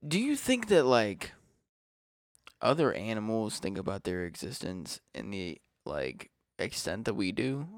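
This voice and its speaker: A man's voice: fairly low pitch, big pitch swings, a little slow, no room sound. A man co-hosting a podcast in casual chat, rambling and crude with many fillers. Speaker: podcast co-host.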